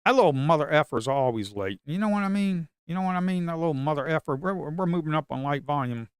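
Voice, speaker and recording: Male trader streaming live, mutters, repeats himself, curses; smooth, close, dry sound. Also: fairly high pitch, lively intonation, fast, no room sound. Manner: talks to himself and viewers, repeats phrases, swears. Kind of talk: live trading commentary.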